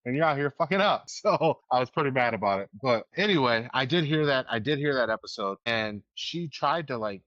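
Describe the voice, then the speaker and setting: A man with a mid-range, fairly bright voice speaks expressively and a little fast, barely pausing, on a dry, slightly dull, lo-fi recording with no room sound. As a podcast co-host in casual chat, he rambles through anecdotes, laughing a lot and swearing at times.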